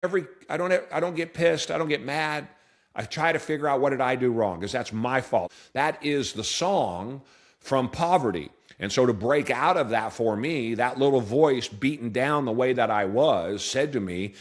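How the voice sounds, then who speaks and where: A man's voice: mid-range voice, lively intonation, normal speed. A man in his fifties from Portland, Oregon, a business owner telling candid, earnest stories in an interview, often restarting his sentences. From Portland, Oregon, USA. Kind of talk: reflective storytelling interview answer.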